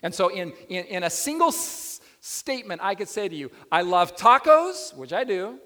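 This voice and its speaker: Male pastor, sermon, high lively voice, long hall reverb. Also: normal speed. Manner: animated, questioning the audience.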